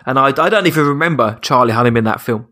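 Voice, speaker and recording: A man's voice: mid-range voice, fast, pushed and bright. Blunt man trading film banter. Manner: blunt, jokey, mocking asides. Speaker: podcast co-host. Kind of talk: casual film chat.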